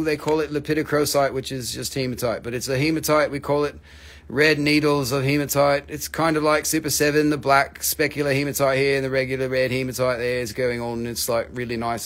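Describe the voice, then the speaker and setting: A man's voice: on the high side, normal speed, a bit bright. A man hosting a live mineral sale in casual, joking patter, teasing his viewers and swearing now and then.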